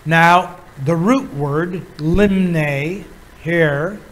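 A man teaching a Bible lesson as a pastor, pausing often with fillers while he explains words. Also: fairly high pitch, low-quality recording. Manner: halting, many filler pauses, chuckles while teaching.

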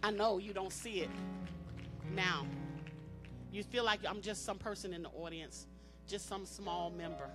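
A woman preaches over music in a medium-pitched voice, keeping a measured pace broken by long pauses. Her church sermon is emphatic and repetitive, built on call-and-response with the congregation.

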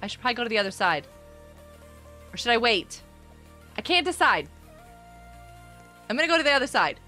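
Bubbly high-voiced woman streamer. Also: a little fast, faint music behind. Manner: chatty, greets viewers by name, excited outbursts. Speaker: live streamer host. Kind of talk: casual gameplay live stream chat.

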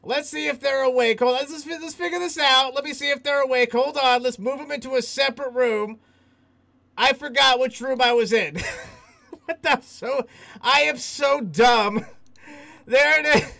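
A male stream host talks loosely with his viewers, laughing as he reads their messages out. His voice sits very high and has a gravelly edge. It is bright and sharp. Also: normal speed. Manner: laughs often, reads chat aloud. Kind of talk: casual livestream chat.

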